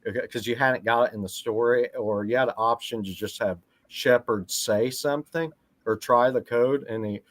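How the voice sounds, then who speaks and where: A man's voice: medium pitch, moderate pace, no room sound. A man co-hosting a podcast, telling rambling stories in a casual chat about video games. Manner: rambling, quotes game lines. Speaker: podcast co-host.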